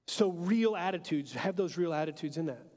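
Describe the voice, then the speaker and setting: A man in his thirties, a pastor preaching a sermon in a relaxed, joking way, full of fillers. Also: on the high side, normal speed. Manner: casual and joking, with many fillers. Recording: long hall reverb.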